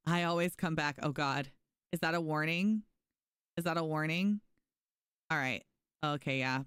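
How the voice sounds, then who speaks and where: A woman's voice: low voice, measured pace, long pauses, fairly bright tone, clean tone, dry recording, clean studio sound. A woman streaming a game live, chatting casually with viewers and thanking them by name. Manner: frequent restarts and fillers. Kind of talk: casual live gameplay commentary.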